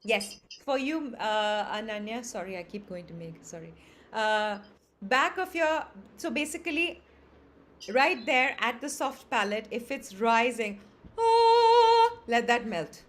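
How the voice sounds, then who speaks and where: A woman's voice: on the high side, lively intonation, a little slow, fairly bright tone. A woman voice teacher running an online group singing lesson, calling students by affectionate names and singing the exercises to show them. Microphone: video call.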